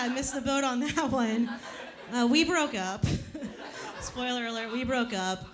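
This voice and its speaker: A woman's voice: fairly high pitch, moderate pace. A woman in her thirties doing a profane stand-up comedy set on a club stage, telling punchy stories. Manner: brash and profane, punchy storytelling. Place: comedy club stage before a laughing crowd. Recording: live club recording with faint crowd noise.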